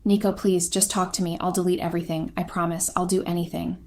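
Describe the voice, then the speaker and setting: A woman voicing a desperate, tearful wife who pleads in a higher, breaking voice. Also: little pitch movement, fast talker, darkish tone, lightly acted. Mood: pleading.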